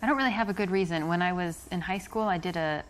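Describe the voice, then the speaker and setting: A woman's voice: on the low side, quick pace, slight background noise, lightly acted, rough recording. An actress with an American accent playing a woman answering questions on a date in a video game. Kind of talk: acted conversation in a video game.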